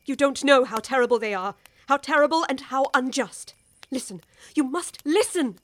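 A woman's voice: high voice, moderate pace, no room sound, close to an everyday voice. An actress with an English accent playing a worldly older woman who urgently pleads with a young wife, in a radio drama. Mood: pleading.

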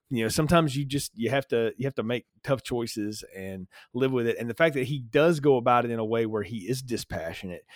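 A man's voice: mid-range voice, no room sound, clean studio sound. A man co-hosting a podcast, musing about a film in a thoughtful, rambling way with sighs and restarts. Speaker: podcast co-host. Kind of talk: casual film discussion.

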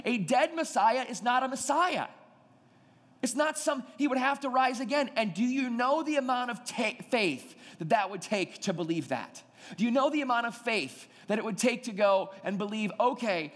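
In a high, bright voice, a male pastor preaches a sermon as animated storytelling, acting out the quoted dialogue of the people in his story. A large hall's long reverb rings around his words.

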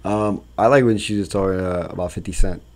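A young man co-hosting a podcast, playful and often laughing, quick to protest loudly. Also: low-pitched, fairly even intonation. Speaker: podcast co-host. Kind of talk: casual banter.

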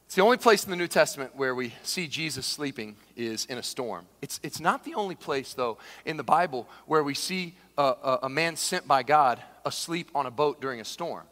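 A man preaching a sermon, who swings from shouted, acted-out quotes down to hushed, slow asides. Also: mid-range voice. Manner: animated preacher, shouts dramatized quotes, then drops to a hush. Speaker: pastor. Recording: long hall reverb.

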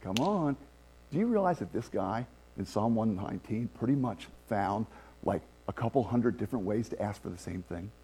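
A man preaching a conversational sermon as pastor, animated and laughing often. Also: fairly low pitch, normal speed, breathy edge.

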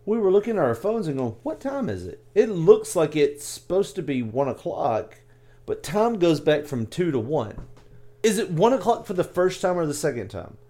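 A man co-hosting a casual podcast, joking and quick to laugh. His voice sits a little high and swings widely in pitch. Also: very animated, warm tone. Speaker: podcast co-host. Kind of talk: casual chat.

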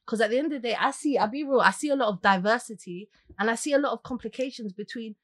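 A woman's voice: fairly high pitch, fast. A woman from Somalia in casual podcast chat, telling stories and acting out what people said. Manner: animated storytelling, acting out quotes. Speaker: podcast guest.

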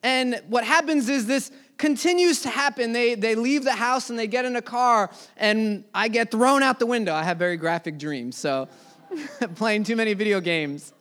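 A young man preaching a sermon, telling a personal story earnestly, his voice dropping low and soft then rising loud. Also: moderate pace.

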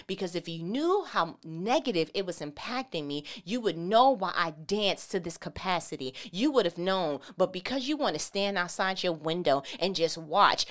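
Sassy, animated woman talking about the Bible. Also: lowish voice. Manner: animated, sassy, exclaiming and laughing. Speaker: vlogger teaching from the Bible. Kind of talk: casual Bible commentary.

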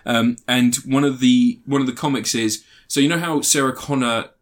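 A man's voice: mid-range voice, moderate pace. A man hosting a podcast, chatting casually about films and acting out scenes with funny voices. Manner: animated storyteller, acts out film scenes with funny voices and laughter. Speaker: podcast host.

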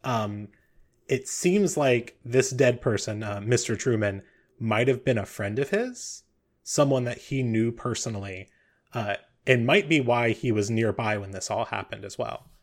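A man's voice: mid-range voice, unhurried. A man running a tabletop game as game master, narrating with many fillers and restarts. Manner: rambling, with frequent fillers.

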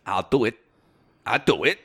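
A man co-hosting a comedy podcast, teasing and joking loudly with his co-host. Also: lowish voice, normal speed, breathy edge. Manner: teasing, loud and lively. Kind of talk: comedic casual chat.

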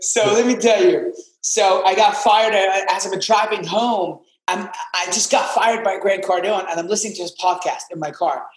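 A man in his twenties, a podcast guest, telling his story in an animated, casual way and swearing freely. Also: high voice, moderate pace, reverberant, rough recording. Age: 20s.

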